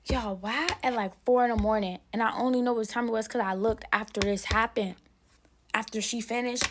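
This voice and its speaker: A woman's voice: fairly high pitch, fairly even intonation, brisk, slight background noise. A young woman telling a casual storytime to her viewers while she does her hair, chatting straight to them.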